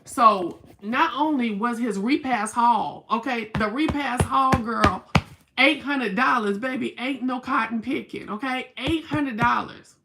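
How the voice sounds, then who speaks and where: A woman's voice: fairly high pitch, measured pace, bright, forceful tone, slight background noise. A Southern American woman hosting a casual livestream, chatting, reading viewer comments aloud and telling stories. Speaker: livestream host.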